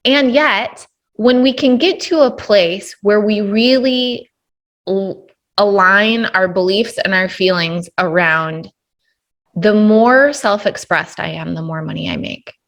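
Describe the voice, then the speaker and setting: A woman's voice: mid-range voice, slow. Affirming woman podcast host. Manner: enthusiastic, affirming, laughs often. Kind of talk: casual podcast interview.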